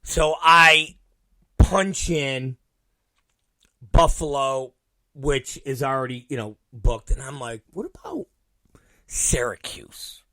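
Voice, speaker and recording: A man hosting his own show, telling a story in an animated, profane way and acting out both sides of the dialogue. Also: mid-range voice, slow, pauses often, no room sound. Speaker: podcast host. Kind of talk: storytelling monologue.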